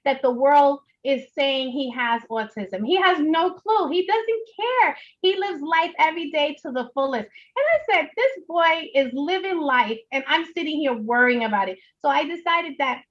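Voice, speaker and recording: A woman's voice: high voice, expressive, moderate pace, hardly any pauses. Earnest New York woman, muffled call. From the Bronx, New York. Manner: earnest, repeats phrases for emphasis. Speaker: guest, notary signing agent. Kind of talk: emotional personal testimony.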